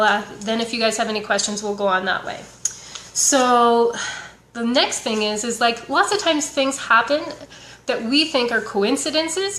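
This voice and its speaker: Bright-voiced woman coach in an echoey room. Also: a little high. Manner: earnest, chatty, frequent restarts. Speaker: spiritual wellness coach. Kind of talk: casual motivational talk.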